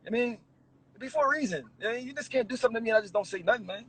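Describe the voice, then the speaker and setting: In a laid-back interview, a man who raps spins animated stories, cursing and laughing throughout. His very high voice races with a breathy edge, and the audio is poor.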